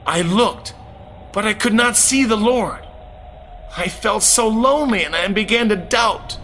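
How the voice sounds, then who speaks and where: A man's voice: high-pitched, unhurried, a bit bright, a little hiss or hum. A man narrating a first-person spiritual testimony in an earnest, dramatic way.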